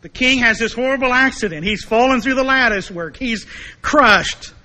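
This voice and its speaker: A man preaching a sermon in a high, bright, forceful voice. He is emphatic and slows down to repeat his main points. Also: rough recording.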